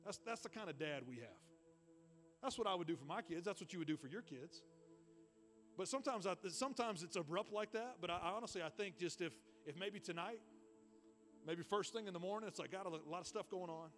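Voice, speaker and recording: High-voiced man preaching a sermon. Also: fairly quick, soft background music. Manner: energetic storytelling, repeats words when excited. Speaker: pastor. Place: church.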